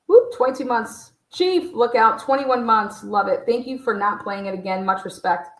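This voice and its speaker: A woman's voice: fairly high pitch, moderate pace. Blunt, profane woman streaming. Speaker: true crime YouTuber. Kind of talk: casual livestream commentary. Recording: roomy echo.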